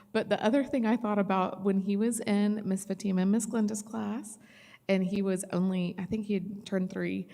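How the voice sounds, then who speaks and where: A woman speaking as a parent, her voice with a gravelly, creaky edge. She chats proudly and restarts her sentences. A long reverb fills the room around her. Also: medium pitch, warm tone. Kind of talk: personal testimony.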